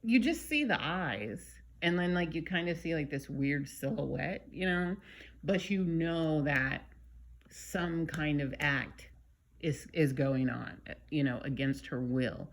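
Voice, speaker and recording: A woman with a fairly low voice tells a movie plot as casual chat. She talks slowly and loosely, full of fillers and offhand asides. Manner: animated, chatty, with many fillers and side comments. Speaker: vlogger.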